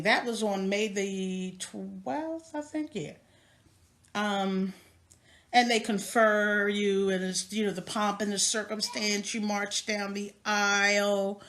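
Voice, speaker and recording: A woman's voice: medium pitch, fairly bright tone. A woman from New York City, chatting casually to viewers on a live stream from her home through a tablet mic, often laughing. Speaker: host of a live video stream. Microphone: tablet microphone.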